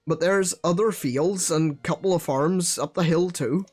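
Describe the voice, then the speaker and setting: A man's voice: on the high side, a little slow, a little mellow, husky. A man voicing a plain-spoken male village pumpkin farmer while reading game dialogue aloud. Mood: matter-of-fact.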